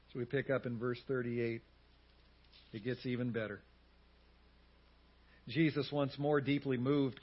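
A male pastor preaching a sermon, swinging from loud emphatic lines to hushed, quiet words. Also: medium pitch, husky, lo-fi sound.

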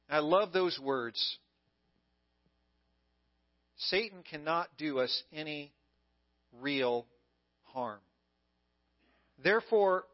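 A man's voice: a little high, expressive, drawn-out words, long pauses. A male pastor preaching a sermon in an emphatic way, repeating key phrases, on a dull lo-fi recording.

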